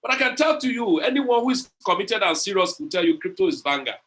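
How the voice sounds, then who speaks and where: A man's voice: high voice, sing-song, fast, fairly bright tone. A man leading an online crypto community session, talking in a preachy, motivational way, repeating phrases and retelling conversations.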